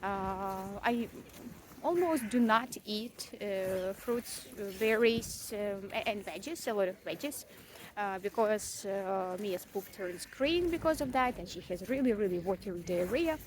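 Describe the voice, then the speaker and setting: A woman's voice: medium pitch, measured pace, a little hiss or hum. A young mother venting in a casual, rambling vlog, frank and self-mocking, with frequent swearing and fillers. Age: young adult. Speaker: vlogger, mother.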